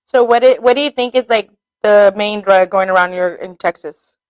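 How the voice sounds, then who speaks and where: A woman's voice: medium pitch, moderate pace, clear, resonant tone, no room sound. A woman hosting a radio talk show, chatting candidly with lots of swearing and laughter. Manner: candid, swearing, laughs often, quotes herself in skits. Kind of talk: casual chat.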